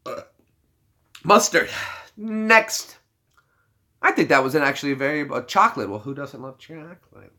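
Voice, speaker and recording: A young man from the United States chats casually on his livestream, cracking jokes and playing with words. His voice is bright and forward, and his pitch swings widely. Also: animated, brisk. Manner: joking, laughs often, plays with words. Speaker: livestream host.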